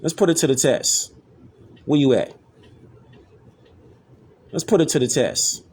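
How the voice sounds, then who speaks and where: A man's voice: on the high side, measured pace, darkish tone, a little hiss or hum. A man hosting, giving emphatic commentary over images and clips, repeating himself to drive points home. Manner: insistent, repetitive, keeps asking "see that?".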